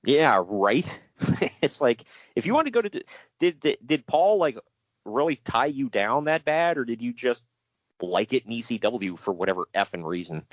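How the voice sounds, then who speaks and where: A man's voice: mid-range voice, moderate pace, no echo, highs cut off. A man co-hosting a podcast, chatting casually about old wrestling news with sarcasm and frequent laughs. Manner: animated, sarcastic, laughs often. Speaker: podcast co-host.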